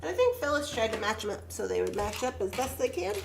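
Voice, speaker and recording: A woman's voice: mid-range voice, expressive, fast talker, gravelly, slight background noise. A young woman hosting a casual livestream, chatting to viewers and talking to herself as she makes jewelry. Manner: chatty, talks to herself while working, greets viewers by name. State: pregnant. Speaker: livestream jewelry-making host. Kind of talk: casual livestream chat while beading.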